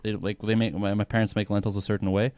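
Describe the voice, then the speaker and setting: A man's voice: lowish voice, flat delivery, quick pace, a little mellow, clear, resonant tone, no room sound. A young man co-hosting a casual podcast, telling rambling stories with plenty of swearing. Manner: rambling storytelling, heavy swearing. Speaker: podcast co-host. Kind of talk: casual chat.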